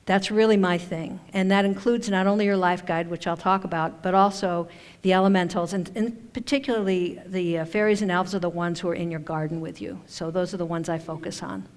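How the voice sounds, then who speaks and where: A conference speaker and author gives a chatty talk from a conference hall stage, with self-deprecating humor. Her voice is lowish, steady and brisk, and the recording has a long hall reverb.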